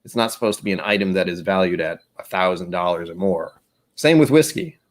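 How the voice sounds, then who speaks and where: A man's voice: sits low, lively intonation, brisk. A young American man hosting a casual live stream while tasting whiskey, rambling and interrupting himself, often slipping into playful voices. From United States. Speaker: stream host.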